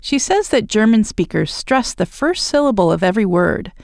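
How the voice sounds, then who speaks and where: A woman's voice: mid-range voice, big pitch swings, moderate pace, vocal fry, a little mellow, no room sound, clean studio sound. A woman reporting a science story, reading scripted narration between interview clips.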